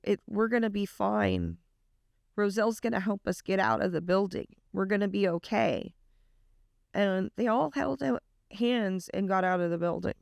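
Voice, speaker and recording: A woman retells a story in an earnest, casual way, leaning on the emotional moments. Her voice has a gravelly edge. The sound is dry and close. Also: mid-range voice, sing-song, normal speed, a little mellow, dry recording. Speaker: reaction vlogger.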